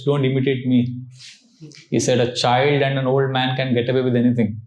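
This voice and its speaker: A man giving a scripture class, telling stories in an animated way and laughing often. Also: mid-range voice, reverberant. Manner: animated storytelling, laughs often, mixes Hindi phrases. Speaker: spiritual teacher.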